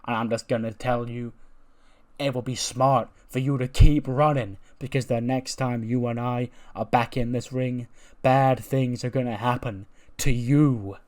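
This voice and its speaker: A cocky male wrestler barks taunts at a rival who is running away, as a man puts him on. His voice rises higher and louder as he jeers. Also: fairly even intonation, measured pace, natural voice. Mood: taunting. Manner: loud, taunting.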